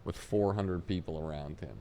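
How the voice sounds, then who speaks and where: A man's voice: sits low, moderate pace. A man, a comedy talent manager, telling long anecdotes in an interview and acting out what people said. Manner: animated anecdotes, acts out quotes. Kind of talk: storytelling in an interview.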